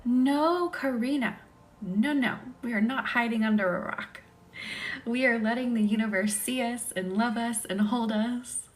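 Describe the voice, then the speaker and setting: A woman leading a live energy-healing session, calmly guiding affirmations, slipping into soft whispers and chatting with viewers from home. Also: a little high, moderate pace. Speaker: Reiki healer. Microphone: phone on a live stream. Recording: music playing behind.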